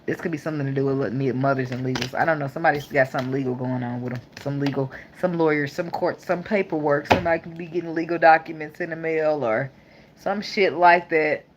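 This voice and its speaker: Low-voiced blunt woman tarot reader. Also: steady tone, fast, noisy background. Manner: blunt, profane and joking. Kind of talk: casual tarot reading.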